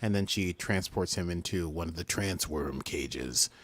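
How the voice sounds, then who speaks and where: A man's voice: sits low, measured pace. A man co-hosting a podcast, chatting casually as he recaps a story and mimics the characters. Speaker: podcast co-host.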